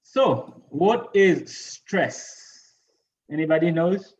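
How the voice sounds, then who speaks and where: A man's voice: on the high side, animated, drawn-out words, dull audio. Casual man teaching over a video call. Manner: casual, repeats "you know" and "right?". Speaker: English teacher. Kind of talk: online class teaching.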